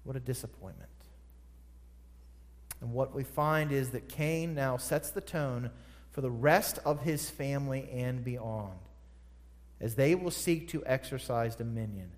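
Emphatic slow-preaching man in a reverberant hall. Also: mid-range voice. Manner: emphatic, repeats phrases for stress. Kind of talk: sermon.

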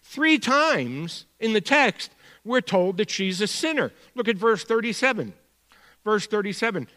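Bronx-accented male pastor, expository sermon, pitched a little high, reverberant sanctuary sound. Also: very animated, unhurried. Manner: expository preaching, swinging from quiet to emphatic.

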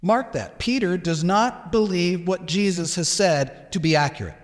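A man preaching a sermon as pastor, emphatic and expressive, sometimes acting out the words of others. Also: high-pitched, normal speed, in a large hall. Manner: emphatic, acts out Peter's protests.

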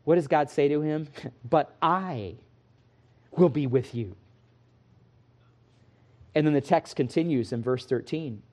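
A man delivering an expository sermon in a somewhat high voice. He preaches earnestly and with emphasis, leaning hard on key words as he teaches. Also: takes it slowly, pauses often, darkish tone. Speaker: pastor.

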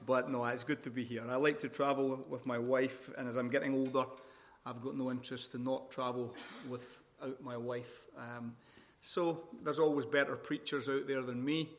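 A middle-aged Scottish pastor from Scotland preaching a sermon at a women's conference, speaking deliberately and with good humor. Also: male voice, mid-range voice, level tone. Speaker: visiting pastor.

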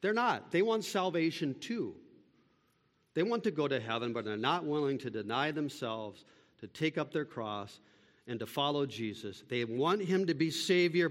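Impassioned preacher in an echoing hall. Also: male voice, fairly high pitch. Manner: impassioned, rising to loud pleading. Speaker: pastor. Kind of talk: sermon.

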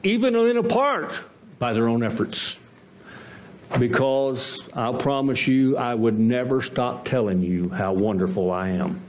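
A man's voice: mid-range voice, lively intonation, measured pace, a little hiss or hum. A man preaching a sermon as pastor, emphatic and full of rhetorical questions and repeated phrases.

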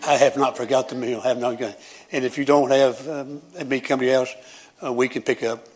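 A man preaching a sermon as pastor, with a Southern preacher cadence, rising at times into loud shouting praise. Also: steady tone, fairly quick. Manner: builds to high, shouting preaching.

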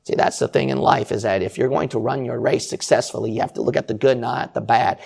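A man's voice: mid-range voice, fairly even intonation, quick pace, vocal fry, darkish tone, husky. A man preaching a sermon to his congregation, exhorting them with repeated rhetorical questions.

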